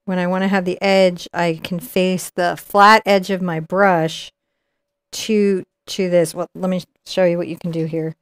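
A woman's voice: lowish voice, level tone, measured pace, clear, resonant tone, no room sound. A middle-aged woman teaching acrylic painting live, chatting and explaining each brush move as she paints. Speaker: painting instructor.

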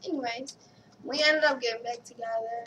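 A young woman telling a candid, halting story about her relationship and reading a card aloud. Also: on the high side, fairly even intonation, distant mic, background noise. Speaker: vlogger. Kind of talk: casual personal storytelling.

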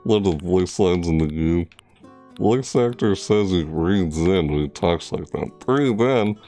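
A man streaming a game, chatting casually and rambling with jokes, sometimes breaking into loud high squeals. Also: animated, measured pace, faint music behind. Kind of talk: casual gameplay commentary.

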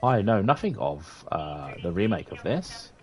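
A British man giving chatty let's-play commentary, muttering at the game with sing-song hums and sudden high exclamations. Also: big pitch swings, unhurried. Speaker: gamer playing for his sons.

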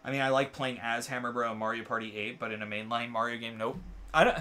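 A man with a bright, forceful voice chats casually with friends while they play games. He rambles through plenty of fillers and swears freely when he gets worked up. His pitch sits in an ordinary middle range. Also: flat delivery, quick pace. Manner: rambling and filler-heavy, lots of uh and like. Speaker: co-host of a gaming channel.

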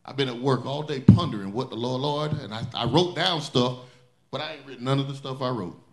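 A man's voice: medium pitch, a little fast. A male pastor preaching a sermon, building intensity through repeated refrains.

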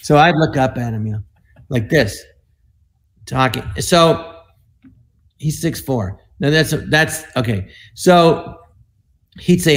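A man in his sixties telling show-business stories in a rambling, animated way, slipping into voices, heard over a video call. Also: medium pitch, slow pace, pauses often. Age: 60s. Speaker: guest comedian. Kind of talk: anecdotal storytelling.

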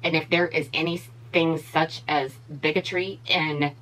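A woman's voice: sits low, steady tone, a little slow, a bit bright, poor audio. A woman beauty vlogger giving blunt, opinionated commentary in a casual chat while she does her makeup.

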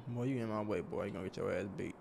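A man's voice: fairly low pitch, rapid-fire, gravelly, darkish tone, a little hiss or hum. A man streaming a game role-play, trash-talking in a brash voice and chanting rhymes. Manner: brash trash talk, chanting rhymes and repeating the other's words. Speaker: streamer playing a street character.

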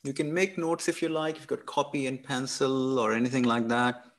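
A male tutor guiding a candidate through practice over a video call. He is reassuring and friendly in how he talks, at a middle pitch. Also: flat delivery, normal speed. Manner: encouraging, reassuring. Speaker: exam tutor. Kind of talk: coaching over a video session.

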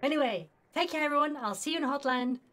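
A woman's voice: high voice, quick pace, a bit bright. A woman hosting a gaming video, chatting casually and giggly as she plays. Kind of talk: casual game commentary.

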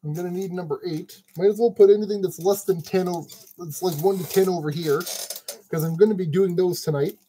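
Man, casual crafting host, mellow relaxed tone, self-deprecating chatter, faint background noise. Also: sits high, a little fast, poor audio. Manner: chatty, self-deprecating, talks to himself while sorting parts. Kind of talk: casual narration while building a model kit.

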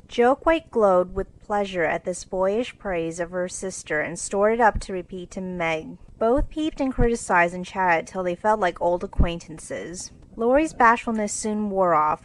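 Woman narrator reading a storybook for english learners, measured and clear, mid pitch. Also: poor audio.

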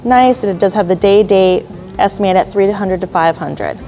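A woman's voice: mid-range voice, moderate pace, dark tone, dull audio. A woman presenting jewelry and watches in an auction preview, describing each piece with admiring remarks and small apologies, over faint music. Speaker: auction house jewelry specialist.

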